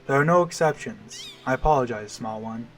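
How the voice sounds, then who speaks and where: A man voicing a large, stately chocobo lord in a game, measured and formal while politely refusing. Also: mid-range voice, faint music behind, pitched below the performer's own voice, natural voice. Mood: firm.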